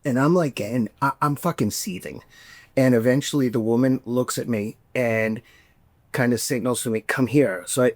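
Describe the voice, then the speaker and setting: A man hosting a podcast, telling a story in a casual, animated way, swearing and acting out the voices he quotes. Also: medium pitch, dry recording. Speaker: podcast host.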